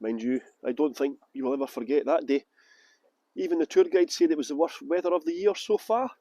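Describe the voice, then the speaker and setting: A man's voice: a little high, a little fast, warm tone, no echo. A man, a tour leader speaking casually and wryly to his former tour guests, poking fun at himself. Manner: wry, self-deprecating, chatty.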